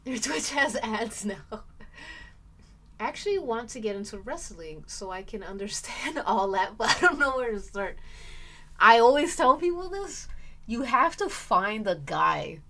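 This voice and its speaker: Young woman chatting on stream, slow and easy but her pitch jumps all over, rambly with lots of "like". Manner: bursts into excited squeals. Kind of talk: casual live-stream chat.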